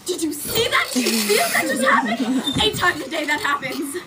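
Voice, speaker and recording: Melodramatic pleading woman, played by an actress, very high, distant and noisy recording. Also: sing-song, normal speed. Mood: pitiful. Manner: theatrical, melodramatic, wailing pleas. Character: hysterical pleading woman petitioner, relentless. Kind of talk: stage scene acting. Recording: distant mic, noisy background.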